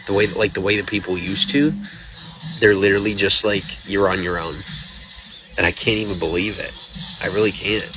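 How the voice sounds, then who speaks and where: Tired deep-voiced guy rambling on a late night phone stream, emotional, worn out, loud music playing behind him. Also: a little fast, low-quality recording. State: exhausted. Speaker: livestreamer. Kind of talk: late-night livestream chat. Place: restaurant at night. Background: loud music from a nearby speaker.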